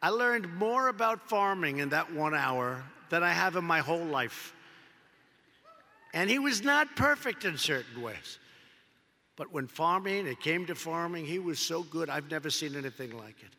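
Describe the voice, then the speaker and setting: A man's voice: a little high, sing-song, moderate pace, bright, forceful tone. A man giving a rally speech as a politician, rambling and repeating himself, piling on superlatives. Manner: rambling, repetitive, heavy on superlatives. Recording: long reverb of a large hall.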